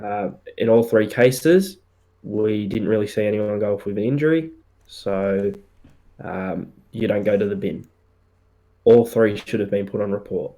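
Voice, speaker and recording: A man co-hosting a podcast, giving firm opinions in relaxed casual chat with plenty of fillers. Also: on the low side, a little slow. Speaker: podcast co-host.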